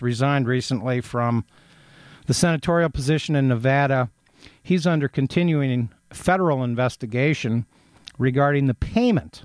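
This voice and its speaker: A man's voice: mid-range voice, a little mellow, dry recording. A man reading news aloud and adding his own opinions, hesitating often with ums and uhs as he goes. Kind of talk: casual news commentary.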